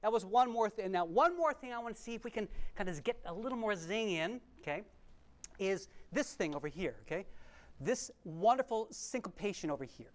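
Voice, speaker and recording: A man teaching a remote piano masterclass, encouraging and animated, with quick restarts and sung rhythms. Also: high-pitched. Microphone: remote livestream mic.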